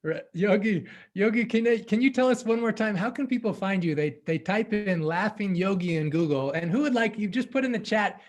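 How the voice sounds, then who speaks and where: A man's voice: high voice, animated, a little fast, hardly any pauses. A man hosting an online call, laughing and thanking his guests as he introduces the next speaker. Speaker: host.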